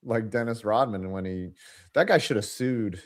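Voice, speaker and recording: A man's voice: lowish voice, moderate pace. A man giving casual color commentary during a live basketball stream, chatty and blunt, reacting to each play. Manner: animated, chatty, swearing, reacting to plays.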